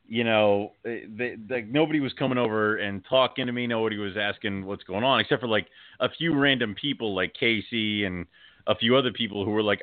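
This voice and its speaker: A man co-hosting a podcast in casual chat, laid-back with frequent chuckles and quick asides. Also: on the low side, no echo. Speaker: podcast co-host. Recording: tinny phone-like sound, dry.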